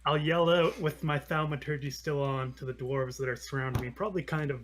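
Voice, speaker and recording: A man's voice: a little high, steady tone, a little fast, background noise. A man playing a tabletop game, rambling and chatting casually with laughs. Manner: rambling, laughing, with many ums and restarts. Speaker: player.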